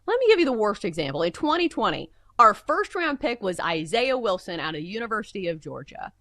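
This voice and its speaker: A woman of middling pitch co-hosts in casual chat, complaining with humor in an animated voice that moves up and down freely. Her voice is recorded dry and close on a studio mic. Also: a little fast, no echo. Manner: chatty, expressive, complaining with humor. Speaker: co-host.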